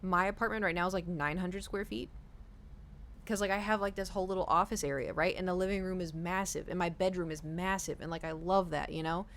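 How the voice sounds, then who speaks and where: A young woman streamer chatting casually with her viewers. Her voice sits a little low for a woman. She rambles and circles back, with plenty of "like" and "you know". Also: steady tone, brisk, slight background noise. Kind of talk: casual chat.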